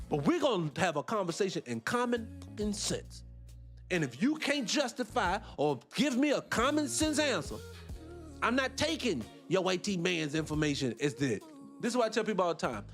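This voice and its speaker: Animated high-voiced man hosting a livestream. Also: moderate pace, soft background music. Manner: emphatic, full of rhetorical questions. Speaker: livestream host. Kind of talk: casual livestream monologue.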